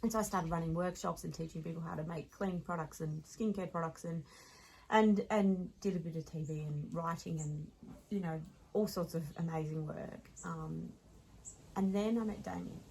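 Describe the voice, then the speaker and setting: A woman's voice: lowish voice, vocal fry, slight background noise, rough recording. Chatty Australian woman telling stories. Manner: animated storyteller, laughs often, quick restarts. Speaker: podcast guest. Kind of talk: casual interview chat.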